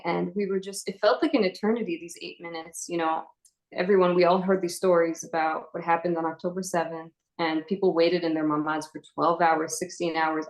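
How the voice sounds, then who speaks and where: A young adult woman giving an earnest personal testimony as an inspirational speaker, retelling events in a halting way with fillers. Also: lowish voice, a little mellow, rough recording.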